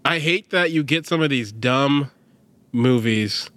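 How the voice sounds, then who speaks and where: A man co-hosting a podcast in casual chat, rambling with lots of fillers and quick laughs. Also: mid-range voice, fairly bright tone. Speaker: podcast co-host.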